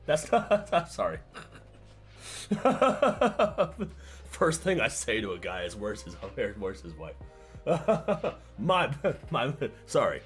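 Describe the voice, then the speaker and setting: A man's voice: on the high side, wildly swooping pitch, slow pace, fairly bright tone, faint music behind. A man livestreaming and chatting casually with his viewers, rambling, stammering and repeating words, laughing often and getting sidetracked.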